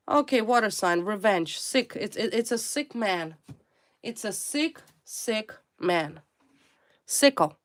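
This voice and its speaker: A woman speaking at a mid pitch gives a tarot reading straight to the viewer. She presses hard on her points and circles back to the same blunt words again and again. Her English phrasing has a non-native ring to it. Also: animated, takes it slowly. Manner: emphatic and repetitive, hammering single words. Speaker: tarot reader.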